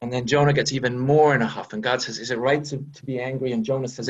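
Husky-voiced minister. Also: male voice, mid-range voice, fast. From USA. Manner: conversational, animated, frequent "right?" asides. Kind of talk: sermon. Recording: dull lo-fi recording.

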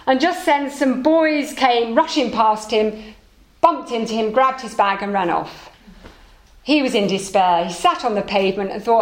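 Woman minister telling a folk tale in church, kinda high voice, lots of room echo. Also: normal speed. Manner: lively storyteller, acts out characters. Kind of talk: storytelling sermon.

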